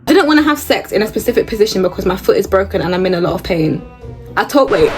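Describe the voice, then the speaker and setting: A young woman in the middle of her own vlog, reading posts aloud and cutting in with blunt opinions. She laughs and gasps as she goes, her voice at an everyday medium height. Soft music runs faintly underneath. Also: medium pitch, sing-song, fast talker. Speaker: host reading reddit posts. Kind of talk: casual reaction commentary.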